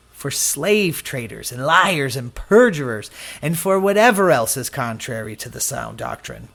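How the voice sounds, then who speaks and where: A male preacher delivering a sermon with a lively, swinging pitch. He tells his own story and slips into the voices of the people he quotes. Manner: personal testimony, acts out quoted voices.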